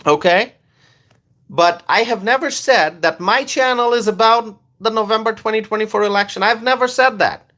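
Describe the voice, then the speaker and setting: A man's voice: high voice, a bit bright. A man doing live-stream political commentary into his phone, repeating his points emphatically and asking rhetorical questions.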